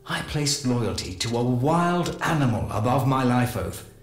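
A man slowly reading a first-person journal from a game's lore, solemn and measured. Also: on the low side, a little hiss or hum. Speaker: narrator. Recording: echoey with ambient music behind. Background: faint dark ambient music.

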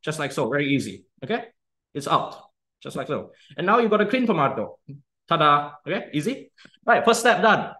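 A man's voice: on the high side, bright, forceful tone. Chatty young man teaching knife skills. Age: young adult. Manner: chatty, repeats "okay?" often. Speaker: student cooking demonstrator. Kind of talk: casual cooking demonstration.

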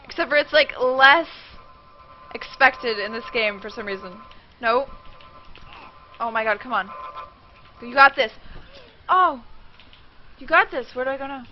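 A woman's voice: high-pitched, a little slow, long pauses, music in the background. A young woman streaming a game, reacting with swearing and panicked shrieks. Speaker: gaming streamer. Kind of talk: live game commentary. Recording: dull lo-fi stream mic with faint noise.

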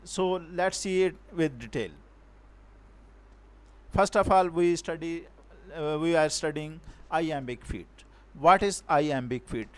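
A man from Pakistan teaching a poetry lesson in a fairly high voice. He speaks very slowly and haltingly, restarting words and sounding out each syllable and stress aloud. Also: clear, resonant tone. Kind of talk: recorded poetry lecture.

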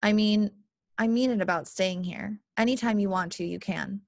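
A woman voicing a middle-aged father who speaks low, calm and earnest. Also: moderate pace, creaky, no room sound, studio quality, lightly acted. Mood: gentle.

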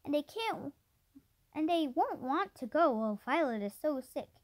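A welcoming, motherly older woman who talks in a soothing, reasonable way, as a woman reads her aloud in a storybook. The voice is high and moves up and down a lot. She is read almost in the reader's everyday voice. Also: sing-song, normal speed. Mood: reassuring. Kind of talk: storybook character voice.

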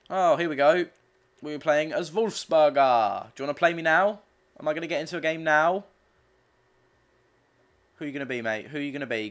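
A man commentating on his own football video game play, swearing and getting frustrated with opponents. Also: a little high. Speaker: gaming commentator. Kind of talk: gameplay commentary.

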